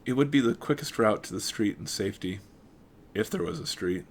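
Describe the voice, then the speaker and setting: A man reading a mystery novel aloud at an even pace, with occasional stumbles and self-corrections and casual asides. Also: lowish voice, a little fast, vocal fry, slight background noise. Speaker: audiobook reader.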